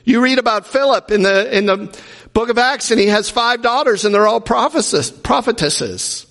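A man's voice: very high-pitched, animated, moderate pace, fairly bright tone, big-room sound. A man giving an informal, conversational sermon with jokey asides and acted-out quotes. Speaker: preacher.

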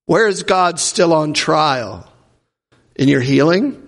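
A male pastor preaches with emphasis, stacking up rhetorical questions. His voice is gravelly and set somewhat high. Long reverb from a large hall trails behind him. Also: expressive, slow. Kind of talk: sermon.

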